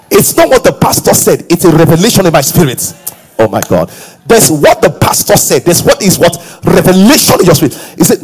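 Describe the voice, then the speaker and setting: A middle-aged pastor tells stories dramatically in his sermon, moving from hushed asides to shouted exhortations. His voice sits on the high side with a slight roughness.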